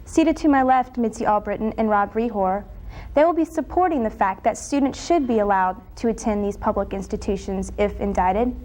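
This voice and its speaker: A woman's voice: mid-range voice, fairly quick, a little mellow, rough recording. A young woman from Florida moderating a student discussion panel, reading formal introductions with the odd slip. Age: young adult. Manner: reads introductions evenly, with small slips.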